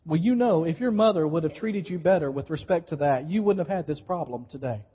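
A man's voice: on the high side, brisk, husky. A pastor preaching a sermon, emphatic and repeating key phrases as he coaches the congregation to answer back. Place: church sanctuary. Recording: dull live church recording with long reverb.

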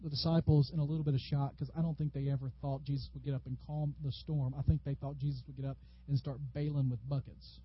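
A man from Tennessee, preaching a sermon in an animated storytelling way. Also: medium pitch, fast, hardly any pauses, breathy edge, lo-fi sound. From Tennessee, USA. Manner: animated, storytelling preacher who acts out quotes loudly. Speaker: pastor.

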